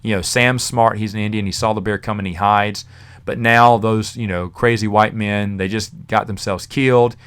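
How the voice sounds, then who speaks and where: A man's voice: on the low side, fairly even intonation, normal speed, a bit bright, clean tone. A man hosting a podcast, casually reviewing a novel in a rambling, chatty way with fillers and the odd chuckle. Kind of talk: casual spoken book review.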